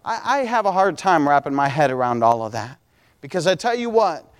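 A pastor in his forties delivers a sermon with a high-pitched man's voice. He preaches emphatically, often breaking in to urge the listeners to listen. His voice rings out with a long reverb in a church sanctuary. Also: sing-song, brisk, clean tone. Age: 40s.

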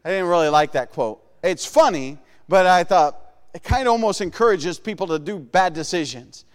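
A man's voice: high voice, moderate pace, clear, resonant tone, big-room sound. A man preaching a sermon in an earnest manner, repeating words and calling out to listeners.

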